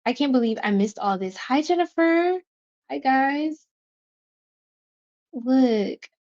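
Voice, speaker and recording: A bubbly woman with a fairly high voice chats with her livestream viewers, greeting them by name and laughing between slangy asides. The audio is a little dull and lo-fi. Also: animated, takes it slowly, darkish tone. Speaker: tarot reader livestream host. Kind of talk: casual livestream chat reading comments.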